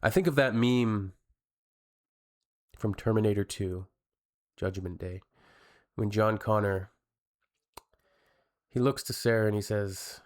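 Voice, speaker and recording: Canadian guy hosting a reaction video, lowish voice, frank and talkative with his viewers. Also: takes it slowly, long pauses. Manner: blunt, chatty, addresses viewers. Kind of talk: casual reaction commentary.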